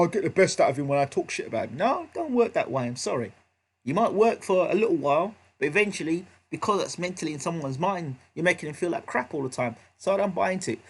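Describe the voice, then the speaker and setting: A man's voice: high voice, slightly rough. A man hosting a live boxing reaction stream, emphatic and repetitive, often checking in with his audience. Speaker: vlog host.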